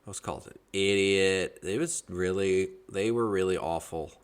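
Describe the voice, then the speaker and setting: Very deep-voiced man telling animated stories. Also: normal speed, smooth. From Georgia, US. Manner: animated, dramatic and jokey. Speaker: podcast host. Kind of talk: casual storytelling chat.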